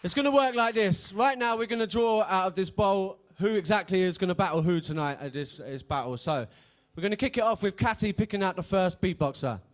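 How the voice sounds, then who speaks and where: A man's voice: high-pitched, animated, brisk, few pauses. A man emceeing a live beatbox event on stage, chatty and joking as he hypes the crowd. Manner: hyping the crowd, chatty and jokey. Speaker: event host.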